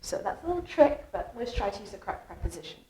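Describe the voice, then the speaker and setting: A woman's voice: medium pitch, big pitch swings, racing, reverberant, rough recording. A British woman teaching English pronunciation, speaking melodically and stressing key words with exaggerated emphasis. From Britain. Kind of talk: lively explanatory lesson.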